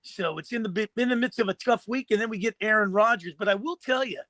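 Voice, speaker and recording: A man's voice: high-pitched, fast, fairly bright tone, no room sound. A man co-hosting a sports talk show, telling a story with colorful comparisons. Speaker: co-host.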